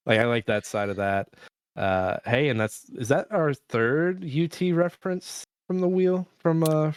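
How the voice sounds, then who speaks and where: A man's voice: fairly high pitch, measured pace, smooth. A man co-hosting a podcast, chatting casually about a movie, rambling with restarts and swearing freely. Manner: swears freely and laughs while talking; rambling, many restarts and fillers. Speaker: podcast co-host. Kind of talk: casual chat.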